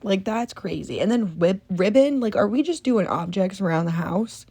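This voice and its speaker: A young adult woman hosting a casual solo podcast, ranting about odd baby names in an incredulous, animated way, swearing and laughing often. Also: medium pitch, normal speed, husky. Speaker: podcast host.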